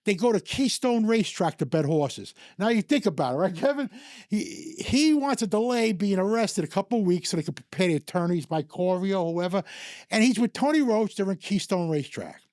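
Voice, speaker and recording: An older man from the New York area tells his stories in a loose, rambling way, doubling back on himself and chuckling as he goes. His voice sits fairly high for a man, and the recording is close and dry with no room sound. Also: expressive, a little fast, darkish tone, no echo. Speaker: storyteller guest. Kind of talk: casual storytelling.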